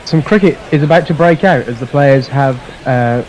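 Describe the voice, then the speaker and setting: Man, live cricket commentary, chatty, quick to laugh, average pitch. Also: darkish tone, a little hiss or hum, low-quality recording. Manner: chatty, quick to laugh, mixes play calls with plugs.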